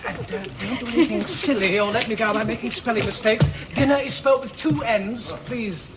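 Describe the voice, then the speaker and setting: An actor in a radio drama playing a fussy, self-important host who chatters fastidiously. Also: male voice, very high voice, lively intonation, loud music behind the voice.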